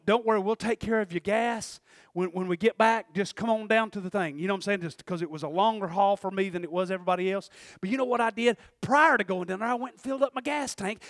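A man with a high voice preaching a sermon, close and dry with little room sound. He talks loosely and conversationally, laughs often, and acts out the voices of people he quotes. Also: fairly bright tone, no room sound.

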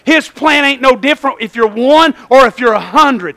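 High, bright-voiced preacher. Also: male voice, expressive, moderate pace, few pauses. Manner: call-and-response, asking "Amen?"; swings between shouting and quiet asides. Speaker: pastor. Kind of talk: sermon. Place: church.

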